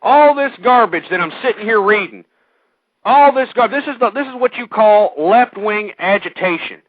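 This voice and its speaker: A man's voice: high-pitched, animated, normal speed, no room sound. A man hosting a radio show, ranting at listeners in a hostile, angry way. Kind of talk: ranting talk radio monologue. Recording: tinny phone-like dry audio.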